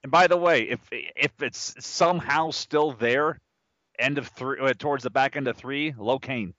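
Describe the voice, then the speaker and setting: A man's voice: medium pitch, a little slow, pushed and bright, no echo, dull audio. A man co-hosting a podcast, chatting casually during a fantasy draft, often laughing and making wry jokes. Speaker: podcast co-host.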